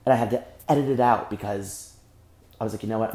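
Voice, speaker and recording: A young man hosting a solo podcast, speaking angrily and with deep emotion, often breaking off and repeating himself. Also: fast talker, dark tone, echoey room. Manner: angry, emotional, repeats and restarts. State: emotionally shaken. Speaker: podcast host. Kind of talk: impassioned solo podcast monologue.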